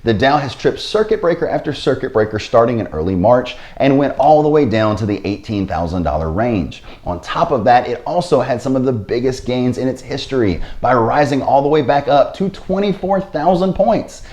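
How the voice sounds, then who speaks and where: A man's voice: medium pitch, animated, moderate pace, hardly any pauses, a little mellow. A man hosting his own investing vlog, talking casually to camera with sarcastic asides and a habit of repeating stock phrases. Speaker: finance vlogger.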